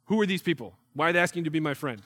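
Man putting on a puzzled reserved Czech man, fairly high voice, everyday tone. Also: expressive, racing, fairly bright tone. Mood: baffled.

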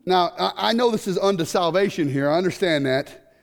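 A middle-aged man preaching a sermon, animated and jokey, breaking into sudden shouts. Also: sits high, brisk, gravelly. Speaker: pastor. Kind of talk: sermon with comic stories. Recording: long hall reverb.

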